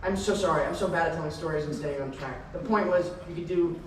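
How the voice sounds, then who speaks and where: A young man on a convention panel, telling rambling, excitable stories full of tangents and laughter. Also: on the high side, fast, recorded from a distance, a little hiss or hum. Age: young adult. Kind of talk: rambling anecdotal Q&A. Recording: echoey hall, mic heard from afar.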